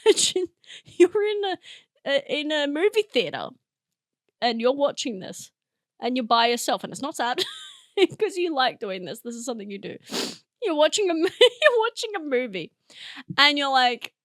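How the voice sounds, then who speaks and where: A woman's voice: high-pitched, sing-song, normal speed, fairly bright tone, dry recording, studio quality. A young woman hosting a comedy podcast, rambling and giggling through a monologue, teary from laughing. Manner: giggly, rambling, self-interrupting.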